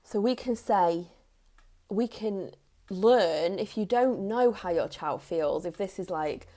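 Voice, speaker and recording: Soft-spoken woman in her thirties, slow. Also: medium pitch. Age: 30s. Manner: soft, earnest, repeats key phrases for emphasis. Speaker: parenting coach. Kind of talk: direct-to-camera advice talk.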